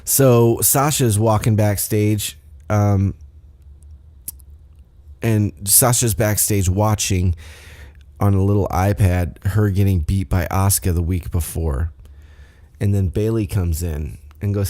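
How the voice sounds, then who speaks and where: On his podcast, a man with a lowish, mellow voice recaps a wrestling show, talking loosely and profanely with side remarks and self-corrections. His intonation is fairly even, his pace slow with long pauses, and he uses a desk microphone in a home setup.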